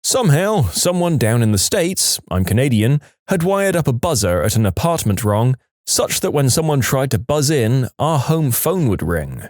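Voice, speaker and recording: Male podcast narrator, expressive reading, lively pitch, dry close mic. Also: normal speed, dry recording. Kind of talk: scripted narration of reddit stories.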